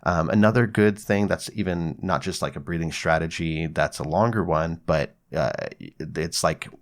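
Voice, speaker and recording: A man hosting a psychology podcast, giving relaxed, conversational advice with casual swearing and acted-out examples. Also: low voice, moderate pace.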